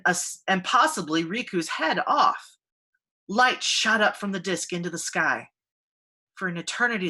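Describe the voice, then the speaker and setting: A woman narrating a fantasy story aloud, expressive and steady. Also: lowish voice. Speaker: fiction reader. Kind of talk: audiobook fantasy reading.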